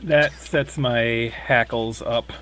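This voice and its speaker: A man playing a tabletop role-playing game, slowly and deliberately describing his character's actions. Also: mid-range voice, fairly even intonation, fairly bright tone, slight background noise. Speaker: player.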